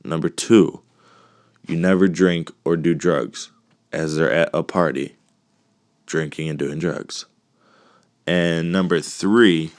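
A man's voice: extremely low pitch, fairly even intonation, measured pace, pauses often, no room sound, clean studio sound. A man casually recapping a movie between coughs, rambling, joking and swearing as he goes.

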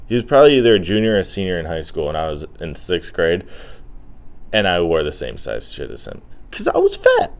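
A man's voice: low voice, animated, brisk. A young man hosting a podcast, rambling through casual chat with crude jokes and lots of fillers.

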